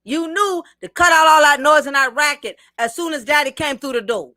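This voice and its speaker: A woman with a high, bright voice delivers emphatic, preachy commentary and speaks straight to her viewers. The recording is close and dry, with no room sound. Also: brisk, no echo. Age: adult, married. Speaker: livestream host.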